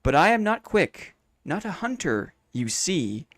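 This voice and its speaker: A man voicing a hungry, creeping mimic monster, reciting a riddle in a slow, hushed, low tone. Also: sing-song, no echo, studio quality, exaggerated voice. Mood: hushed menacing.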